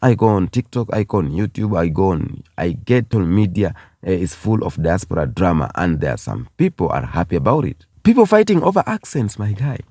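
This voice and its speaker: A man's voice: low voice, expressive, fairly quick, hardly any pauses, warm tone, no room sound, studio quality. A man from Kenya, giving an impassioned video commentary and repeating phrases for emphasis. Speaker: YouTube commentator.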